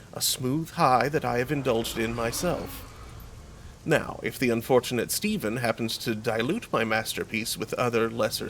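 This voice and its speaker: A man's voice: mid-range voice, gravelly, a bit bright, a little hiss or hum. A man voicing a suave, self-assured male drug dealer in a game. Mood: indignant. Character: smug smooth-talking male drug dealer.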